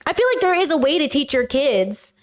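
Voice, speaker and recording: A woman's voice: high voice, brisk. A young woman hosting a livestream, chatting casually and bluntly with viewers as she reads their messages. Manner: animated, blunt, talks straight to viewers. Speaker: livestream host reading chat. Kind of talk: casual chat. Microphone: webcam or desk mic on a livestream.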